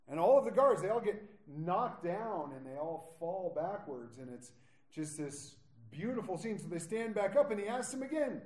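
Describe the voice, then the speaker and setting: A pastor with a high-pitched, animated voice preaches at a normal pace in a reverberant space. He prays softly at first, then retells scripture with mounting intensity, acting out its characters' lines.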